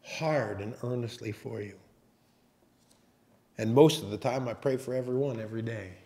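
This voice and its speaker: A man preaching a sermon as pastor, talking in a conversational, halting way with restarts and teasing asides. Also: mid-range voice, mellow. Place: church sanctuary.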